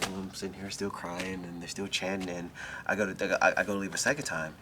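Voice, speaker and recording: Bright-voiced low-pitched man telling a story. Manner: animated, emotional retelling with quick bursts and restarts. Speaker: wrestler, interview guest. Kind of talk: storytelling in a sit-down interview. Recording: faint background noise.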